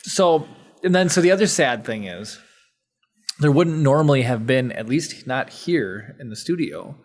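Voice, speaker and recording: A man's voice: mid-range voice, expressive, measured pace. A man hosting a podcast in casual chat, rambling with many restarts. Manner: rambling, restarts, laughing often. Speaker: podcast host.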